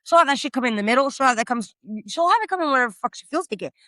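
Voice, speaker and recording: A woman's voice: high-pitched, racing, dry recording. A woman co-hosting a book podcast, chatting casually and telling stories with lots of swearing and big swings in energy. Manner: animated, swearing, storytelling. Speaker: podcast co-host. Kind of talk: casual chat.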